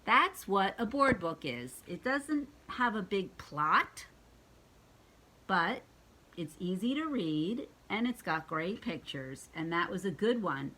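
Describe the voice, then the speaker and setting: An older woman reading picture books aloud to her grandchildren, gentle and expressive, asking them questions as she goes. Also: medium pitch, slow. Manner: gentle and expressive, asking the children questions and acting out animal sounds.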